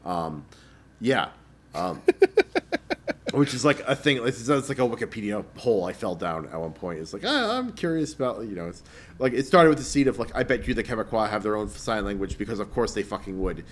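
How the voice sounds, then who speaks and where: A man's voice: fairly low pitch, very animated, moderate pace. A man co-hosting a podcast in casual chat, meandering and hesitant, with many restarts and fillers. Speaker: podcast co-host.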